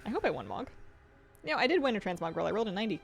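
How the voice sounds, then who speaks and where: A woman's voice: mid-range voice, sing-song, very fast, vocal fry, soft background music. A young woman streaming a game, chatting playfully and rambling with self-deprecating jokes and frequent laughs. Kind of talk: casual stream chat.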